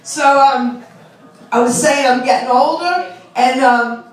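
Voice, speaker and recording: High-voiced woman comic in her sixties. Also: takes it slowly. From Long Island. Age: 60s. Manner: wry, self-deprecating, chatty with the crowd. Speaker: stand-up comedian. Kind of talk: stand-up comedy set. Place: small club. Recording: roomy club sound from a distant mic.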